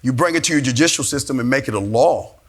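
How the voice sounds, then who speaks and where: Speaking fast in a mid-range voice, a man gives a blunt, profane motivational talk at a men's seminar and takes questions from the room. He's emphatic and repeats himself.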